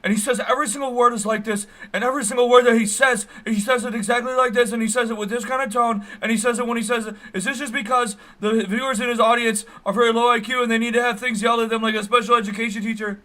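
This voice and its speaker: A man mockingly imitating a loud young male streamer who yells every single word with punchy emphasis. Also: high voice, animated, measured pace, full character voice. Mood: mocking, shouting.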